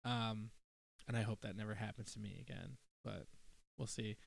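Earnest man talking in halting restarts. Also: on the low side, fairly even intonation, creaky. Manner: earnest, halting, restarts often, says "you know" and "I mean". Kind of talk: casual chat.

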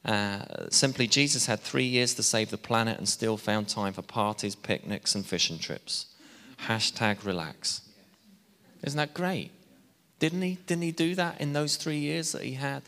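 A man's voice: medium pitch, unhurried, bright, forceful tone. A man preaching a sermon in a chatty way, with asides and self-deprecating laughs. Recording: hall reverb.

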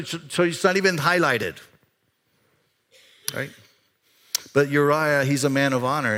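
A male pastor talks his way conversationally through a sermon in the sanctuary. He builds up in pitch and loudness when stressing something and softens to a low hush on solemn matters.

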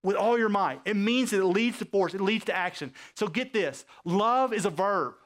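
A man's voice: high voice, normal speed. A male pastor preaching a sermon, acting out quoted characters and often asking his congregation if they understand. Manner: animated preaching, acts out quoted voices, asks the audience questions.

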